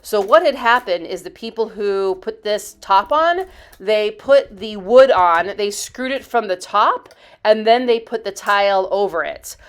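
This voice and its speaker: A woman's voice: mid-range voice, lively intonation, measured pace. A woman in her fifties hosting a DIY channel, telling stories in a rambling, chatty voice-over full of asides. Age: 50s. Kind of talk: casual storytelling voice-over.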